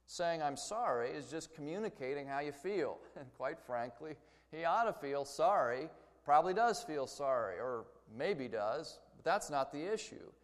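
A man's voice: fairly high pitch, expressive, unhurried, long reverb tail. A man giving a Bible lecture in a conversational way, explaining his points through everyday story examples. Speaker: Bible teacher. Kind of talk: church lecture.

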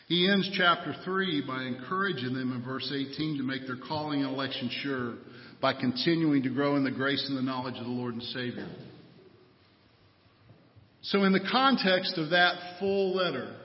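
A male preacher delivers a sermon, pressing his points with rhetorical questions. His voice sits somewhat high. It rings through a large echoing hall, and the recording sounds muffled and dull. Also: moderate pace. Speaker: pastor.

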